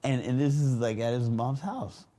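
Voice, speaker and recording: A man casually telling a story on a podcast, animated and slangy, often laughing as he talks. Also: mid-range voice, moderate pace. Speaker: podcast guest.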